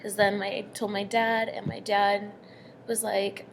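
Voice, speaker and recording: A woman's voice: medium pitch, little pitch movement, a little slow, creaky, slight background noise. Earnest young woman telling her story. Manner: earnest, dropping to hushed asides. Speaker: storyteller sharing a personal story. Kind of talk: casual personal storytelling.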